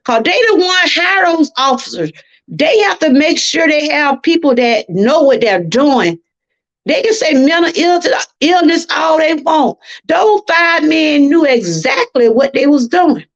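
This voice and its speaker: A woman's voice: sits high, animated, unhurried. A woman from Georgia, hosting a livestream and talking to viewers in an impassioned, preachy way. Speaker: livestream host. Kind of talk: emotional livestream talk. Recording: dull lo-fi livestream audio.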